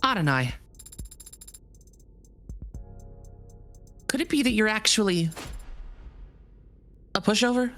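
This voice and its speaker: A woman's voice: medium pitch, sing-song, moderate pace, fairly bright tone, soft background music. A woman voicing a naive, curious otherworldly being in a live visual novel reading, earnest and formal. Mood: flustered. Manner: earnest, formal and a little hesitant.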